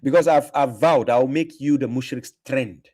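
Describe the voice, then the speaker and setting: Speaking at normal speed with a slightly mellow, medium-pitched voice, a man hosts a casual livestream and responds to comments. He's mocking and combative, hammering points by saying them again.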